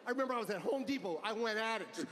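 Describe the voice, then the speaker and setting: A man doing stand-up on a big arena stage, his voice sitting high and cutting through clearly audible crowd noise. He talks brash and profane, barking his punchlines loudly into a handheld mic. The sound is a live arena recording. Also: very fast, reverberant, in a large hall. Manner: loud, animated, often shouting punchlines. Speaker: stand-up comedian. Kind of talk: stand-up comedy. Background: audience laughter and crowd ambience.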